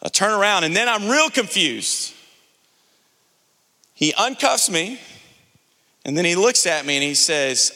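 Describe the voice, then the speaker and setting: A man from the Houston area, a pastor preaching a sermon to a congregation, telling a humorous story with animated restarts. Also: high voice, moderate pace, long pauses, long reverb tail. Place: church sanctuary before a congregation.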